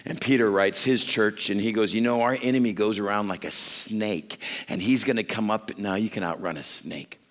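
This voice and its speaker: A man preaching a sermon to a men's retreat, telling stories with lively acted-out voices. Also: fairly low pitch, normal speed, few pauses. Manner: animated storytelling preacher, acts out voices. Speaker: pastor.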